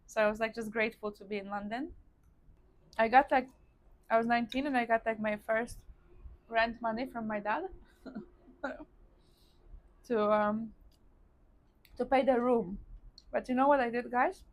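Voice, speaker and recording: A woman's voice: fairly high pitch, steady tone, moderate pace, long pauses. A woman from Poland with a Polish accent, telling her personal story to viewers in a casual, chatty way while eating on camera. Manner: chatty, addresses viewers as guys, frequent likes. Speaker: vlogger. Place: indoors, seated eating on camera.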